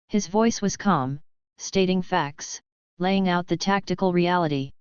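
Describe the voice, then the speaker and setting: Woman storyteller, steady reading, lowish voice, dry and slightly muffled. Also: unhurried, clear, resonant tone, no room sound. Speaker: narrator. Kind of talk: reading a fan fiction story.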